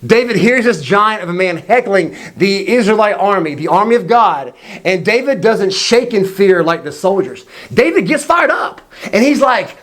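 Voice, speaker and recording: A man telling a Bible story to young people in a casual, energetic way, acting out the quotes. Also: high-pitched, normal speed. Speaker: youth faith video teacher.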